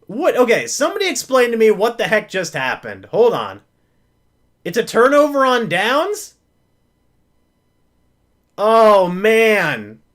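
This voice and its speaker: A man reacting live to a football game, calling each snap like a fan-announcer. His voice sits high and leaps up and down across a wide range. He takes his time and drawls through the lulls. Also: slow, long pauses. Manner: excitable, pleading with the referees.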